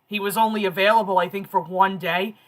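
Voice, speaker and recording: A woman in her thirties hosting a casual stream, telling stories in an animated, chatty way. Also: mid-range voice, fairly quick. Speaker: streamer host.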